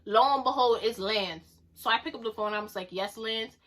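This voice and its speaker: A chatty woman tells a storytime to her camera, slangy and animated, acting out each line of dialogue. Her voice sits on the higher side and rings very bright. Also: fairly quick. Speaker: YouTuber telling a storytime. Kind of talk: casual storytime vlog.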